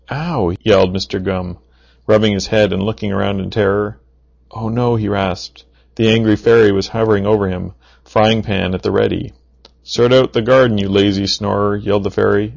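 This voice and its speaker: A low, gravelly male voice reads a children's story aloud. He slips in playful deadpan asides. The recording sounds dull and lo-fi.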